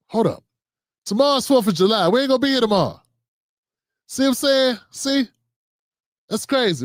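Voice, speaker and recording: A man's voice: high voice, dry recording, studio quality. A man hosting a livestream show, reading out viewer comments and signing off in a loose, slangy, chatty way. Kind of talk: casual sign-off and comment shout-outs.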